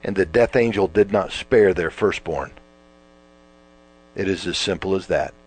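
A man preaching a sermon, emphatic, drawing out words for stress and swinging between loud and quiet. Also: sits low, measured pace. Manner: emphatic, rising and falling with stretched words. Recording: mains hum behind.

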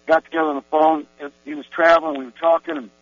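A man's voice: fairly high pitch, very animated, fast talker, vocal fry. A man telling his personal religious testimony in a meandering way, with many restarts and fillers. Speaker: Christian giving a personal testimony. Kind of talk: rambling spoken testimony. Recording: tinny phone-like recording with mains hum.

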